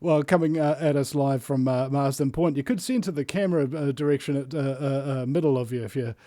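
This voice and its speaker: A man's voice: medium pitch, fairly quick, warm tone, no echo, clean studio sound. A man hosting a live-stream interview, rambling with many filler sounds. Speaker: host.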